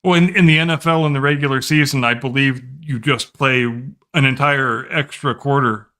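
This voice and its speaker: A man with a bright, forward-placed voice talks through an explanation in a relaxed podcast conversation. He goes on at length and often stumbles into repeated words as he restarts his sentences. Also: medium pitch, normal speed. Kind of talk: casual chat.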